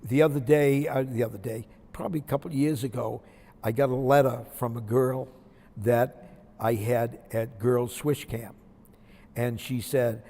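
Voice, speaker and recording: A man's voice: mid-range voice, steady tone, moderate pace, mellow, in a large hall. An older man from Maine, a retired basketball coach, telling folksy, reflective stories from his career in an interview. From Maine, USA. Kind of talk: interview storytelling.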